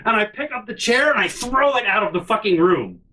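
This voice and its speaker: A man telling a personal story in an animated, profane storytime rant, talking to his camera in his bedroom and shouting at the peaks. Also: high voice, moderate pace, slight background noise. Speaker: storytime vlogger. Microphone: handheld camera in his room.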